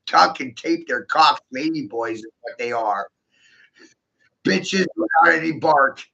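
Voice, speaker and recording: A man's voice: a little high, animated, measured pace, creaky, pushed and bright. A man in a rambling monologue, boastful and taunting, swearing crudely and laughing often.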